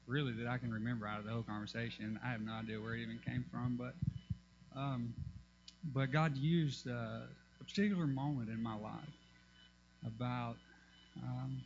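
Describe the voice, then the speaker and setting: A man giving a personal testimony in church, halting, with many fillers and restarts. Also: mid-range voice, a little mellow, muffled recording, a little hiss or hum.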